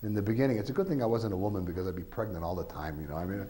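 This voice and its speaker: A man's voice: low-pitched, racing, dark tone, poor audio. A man, an author, giving an informal talk to an audience, rambling through anecdotes with lots of filler phrases and acting out quoted voices.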